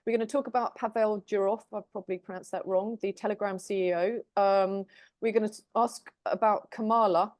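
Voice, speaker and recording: A woman's voice: medium pitch, steady tone, a little fast, a little mellow, no room sound. A British woman co-hosting a tarot chat show, talking casually with plenty of ums and restarts. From Britain. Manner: chatty, many ums and restarts. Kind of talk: casual group chat, introducing topics.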